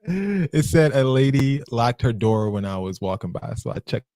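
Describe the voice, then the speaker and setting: A man's voice: mid-range voice, very animated, moderate pace, warm tone, no room sound, studio quality. A man hosting a casual podcast chat and introducing clips in a playful, laid-back way. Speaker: podcast host.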